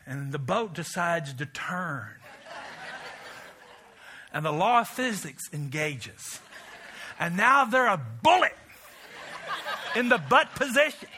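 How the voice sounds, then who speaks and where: Male pastor, sermon delivery, lively storyteller, bright high tone. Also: slow, pauses often, slight background noise. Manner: animated storytelling with acted-out voices and shouts; builds to loud shouts, drops to quiet asides.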